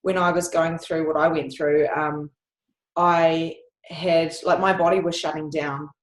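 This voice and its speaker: A woman's voice: sits low, flat delivery, measured pace, echoey room, low-quality recording. A woman hosting an interview, talking reflectively and candidly, with frequent ums. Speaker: podcast host. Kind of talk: conversational interview.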